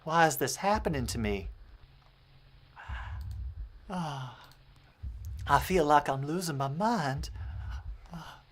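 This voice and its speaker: Give me a man playing a flustered, obsessive shy girl with a breathy, halting whisper-soft voice. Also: fairly high pitch, expressive. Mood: breathless, flustered. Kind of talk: let's play voice acting.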